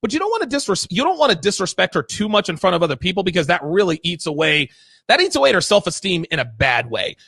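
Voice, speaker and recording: A man's voice: sits high, big pitch swings, fast, pushed and bright, slightly rough, dry recording. A man hosting a talk show, telling stories in a blunt, emphatic, profane way. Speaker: podcast host. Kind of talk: casual chat.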